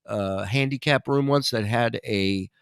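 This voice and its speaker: A man's voice: mid-range voice, unhurried, gravelly, clean tone, no room sound, clean studio sound. A man telling a long comic story as a podcast guest, swearing freely and laughing as he goes. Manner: animated, profane, laughs while telling stories. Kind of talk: casual storytelling.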